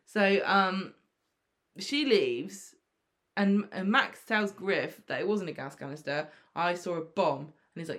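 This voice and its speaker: A woman chatting casually, retelling a soap episode and acting out the characters' lines in quick impressions. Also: fairly low pitch, animated, fairly bright tone.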